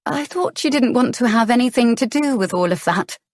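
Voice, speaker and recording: A woman narrator voicing an earnest young noblewoman, speaking in a higher, questioning tone. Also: lively intonation, a little fast, no echo, studio quality, close to an everyday voice.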